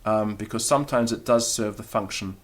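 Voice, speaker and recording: A man's voice: on the low side, a little fast. A man teaching a recorded beginner language lesson, explaining patiently and demonstrating the sounds aloud.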